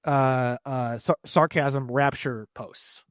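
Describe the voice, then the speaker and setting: A man's voice: mid-range voice, fairly even intonation, slow, no echo, clean studio sound. Heated, profane man ranting. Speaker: guest. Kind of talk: casual interview talk.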